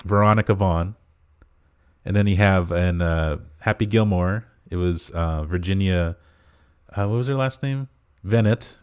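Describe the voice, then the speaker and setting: Deep-voiced man rambling through a movie recap. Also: a little mellow, clear, resonant tone. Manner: rambling plot recap full of "uh" fillers. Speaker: podcast co-host. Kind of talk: casual movie review chat.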